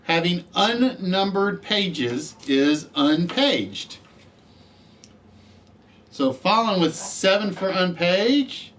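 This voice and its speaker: A man's voice: high voice, animated, very slow, a bit bright, slight background noise. Chatty man hosting a live word game. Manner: chatty, reads out letters and scores, jokes with players. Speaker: game show host.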